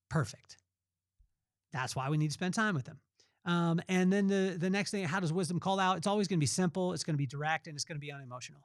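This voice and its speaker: A man's voice: fairly high pitch, no room sound, clean studio sound. A man hosting a podcast, giving a faith-based motivational talk in a conversational way and repeating phrases for emphasis. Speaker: podcast host.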